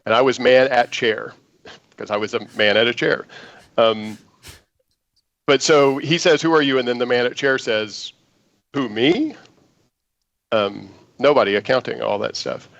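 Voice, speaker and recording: A man, an actor guest, telling an animated audition story in an interview and acting out the lines he quotes. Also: medium pitch, moderate pace, vocal fry, no echo, highs cut off.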